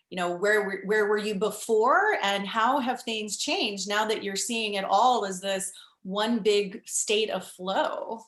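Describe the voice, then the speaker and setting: A woman's voice: mid-range voice, fairly bright tone. A woman hosting an interview, gushing with effusive praise as she thanks a guest and asks questions. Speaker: interview host. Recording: echoey room.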